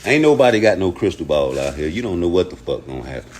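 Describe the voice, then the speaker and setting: Heated, low-voiced man ranting to chat. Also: sing-song, quick pace, a little mellow, slight background noise. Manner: profane, heated, argues with viewers. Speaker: boxing commentary streamer. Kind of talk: livestream rant to chat.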